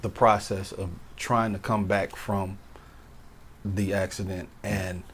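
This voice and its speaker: Low voiced guy hosting a podcast, halting questions, faint hiss. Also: level tone. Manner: thoughtful questions with halting restarts. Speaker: podcast host. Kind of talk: casual interview.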